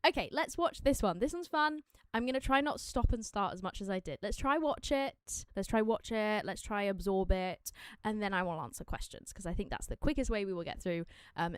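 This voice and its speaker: A chatty woman hosts a casual livestream, bubbly and quick to interrupt herself as she talks. Her voice is smooth and clear. She is recorded up close in a dry room. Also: medium pitch, no room sound. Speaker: musician hosting a watch party.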